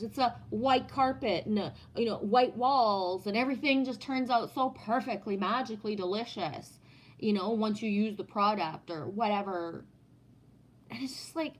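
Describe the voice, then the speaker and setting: A middle-aged woman chatting casually on a livestream, rambling, swearing freely and trailing off mid-thought. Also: on the high side. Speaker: livestreamer reading chat.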